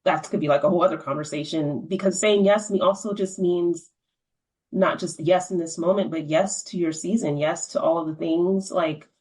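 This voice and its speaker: A woman's voice: fairly low pitch, fairly even intonation, moderate pace, darkish tone, poor audio. A woman hosting a podcast interview, chatting casually with affirming, rambling phrasing. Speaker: podcast host.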